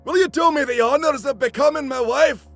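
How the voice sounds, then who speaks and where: A man's voice: very high-pitched, brisk, fairly bright tone, faint music behind, voice pushed up. A man voicing a lovesick young male slasher killer who gushes in a breathless, mock-romantic way.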